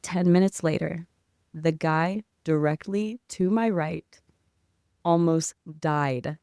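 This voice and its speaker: Smooth-voiced excitable woman storyteller. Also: deep voice, takes it slowly, dry recording, studio quality. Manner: excitable, fills talk with "like", spiritual vocabulary. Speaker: podcast guest. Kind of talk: animated storytelling in casual chat.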